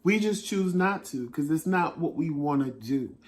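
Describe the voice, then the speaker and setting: Middle-aged man, chatty home talk show co-host, slightly raised pitch, animated, acts out quotes. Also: normal speed. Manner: animated, laughing storyteller who acts out his own quotes. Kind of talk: casual storytelling chat. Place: home living room.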